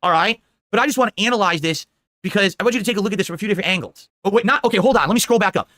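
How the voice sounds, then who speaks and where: A man hosts a live commentary stream in a high, bright voice and talks at a fast clip. He sounds indignant and rambles, checking in with "all right?" again and again. The sound is close and dry. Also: no echo.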